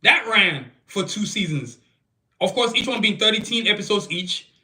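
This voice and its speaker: Guy hosting his own podcast on his phone, high bright voice, slangy and fired up. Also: moderate pace. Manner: animated, slangy, opinionated rants. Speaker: podcast host. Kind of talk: casual solo podcast talk. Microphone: phone camera.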